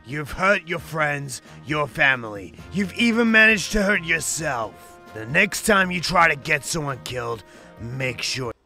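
A cold, contemptuous hedgehog rival, voiced by a man hurls scornful accusations. His tone is sharp and bright, and his pitch swings widely, with faint music behind. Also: animated, a little slow, gravelly, full character voice.

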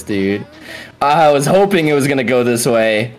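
A tournament commentator doing excited fighting game play-by-play, yelling and swearing at big moments, then breaking the action down quickly in between. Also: mid-range voice, faint music behind. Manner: explosive yelling and swearing, frequent exclamations; calmer fast breakdowns between outbursts.

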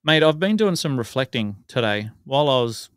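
A man's voice: mid-range voice, big pitch swings, moderate pace, clear, resonant tone, no echo, studio quality. A man co-hosting a casual sports podcast, rattling off stats and joking about himself. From Australia. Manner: chatty, rattles off stats, self-mocking. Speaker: podcast co-host.

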